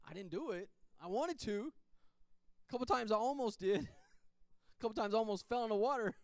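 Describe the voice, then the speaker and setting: A man's voice: sits high, animated, a little fast, no room sound. A man, a pastor, teaching a Bible study in a candid, personal, conversational way, often restarting his sentences and chuckling.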